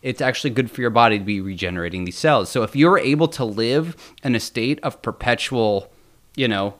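A man's voice: medium pitch, brisk, a bit bright. A young man co-hosting a podcast in loose, casual chat, rambling, joking and slipping into mock voices. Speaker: podcast co-host.

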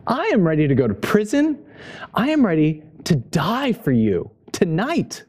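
A man's voice: sits high, huge pitch swings, unhurried, darkish tone, breathy edge, full character voice. A man doing an eager, protesting disciple. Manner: rising, incredulous, pleading.

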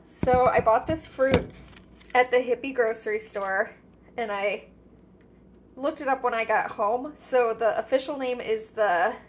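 Woman rambling casually while she eats, bit higher voice, faint room hum behind. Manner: chatty, thinking aloud, filler-heavy. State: talking with her mouth full. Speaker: podcast host. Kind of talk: casual solo chat.

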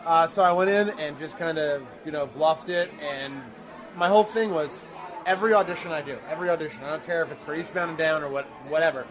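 A man's voice: fairly high pitch, quick pace, crowd noise. A man in his thirties, a guest actor telling rambling, self-deprecating stories in a casual interview.

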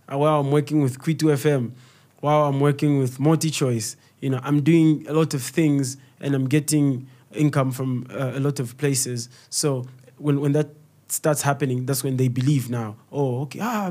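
A young Zambian man speaking with a Zambian accent in a relaxed podcast conversation. His delivery is lively storytelling, and his pitch sits in the middle for a man. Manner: animated storytelling, switches into local language for quoted voices. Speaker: guest comedian and content creator. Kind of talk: casual interview talk.

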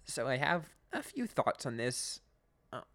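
A man's voice: mid-range voice, huge pitch swings, unhurried, a bit bright. A young man co-hosting a podcast, recapping episodes in casual, laughing chat with many restarts.

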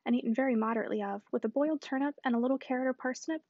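A woman reading the part of a fussy, anxious elderly gentleman who rambles fretfully. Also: high voice, very fast, no echo, phone-quality sound.

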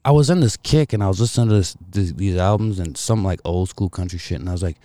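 A man telling stories in casual chat with friends, profane and animated, often quoting people in put-on voices. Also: deep voice, quick pace, no echo.

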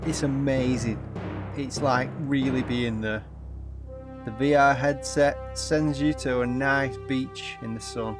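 A man's voice: mid-range voice, steady tone, slow pace, over music. A man, co-hosting a podcast and setting up an improvised scenario in a chatty way. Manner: chatty, second-person scene-setting. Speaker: podcast co-host.

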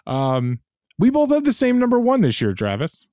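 Dude rambling about movies on a podcast, cursing, smooth voice, no room sound at all. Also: male voice, high-pitched, wildly swooping pitch, normal speed, dark tone, no echo, studio quality. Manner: swears freely, rambling restarts. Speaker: podcast co-host. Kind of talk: casual film chat.

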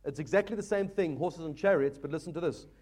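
A man's voice: fairly high pitch, quick pace, a little mellow. A man preaching a sermon as pastor, earnest and exhorting, often addressing the congregation as folks.

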